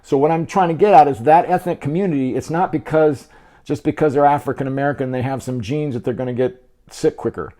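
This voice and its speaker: A man's voice: a little high, quick pace, dark tone. A man hosting a casual health video, talking to the camera between bites, chatty and encouraging, often repeating and restarting words. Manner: encouraging, speaks straight to the viewer. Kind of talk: casual talk to camera while eating.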